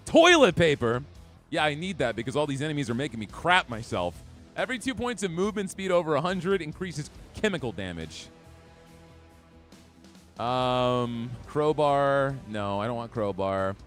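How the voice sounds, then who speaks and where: A man's voice: medium pitch, very animated, moderate pace, fairly bright tone, faint music behind. A man live-streaming a video game, chatting with his viewers and reacting to play. He talks in a chatty way, reads chat aloud, laughs often and has hiccups. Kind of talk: live gameplay commentary.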